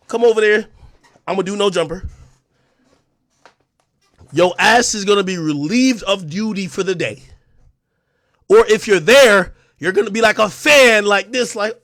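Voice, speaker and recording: A man hosting a livestream, trash-talking aggressively with heavy profanity, swinging between shouting and low muttering. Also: a little slow, pauses often, no room sound, studio quality. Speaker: livestream host. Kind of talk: ranting livestream talk.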